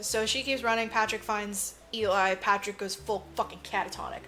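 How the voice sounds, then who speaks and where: Woman, podcast co-host, casual movie recap, bright voice, mid pitch, acts out character lines, swears freely, faint music behind. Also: normal speed. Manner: animated storyteller acting out characters' lines; swears freely, lots of "like" fillers.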